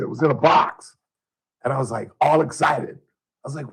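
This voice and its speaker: A man's voice: mid-range voice, lively intonation, brisk, breathy edge, poor audio. A man in his sixties hosting talk radio from a studio, telling rambling stories in casual chat. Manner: rambling storyteller. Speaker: radio host. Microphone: studio mic.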